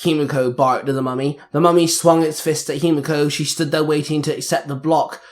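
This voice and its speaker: A man's voice: fairly high pitch, steady tone, brisk. A man narrating an amateur action story, reading fight scenes steadily.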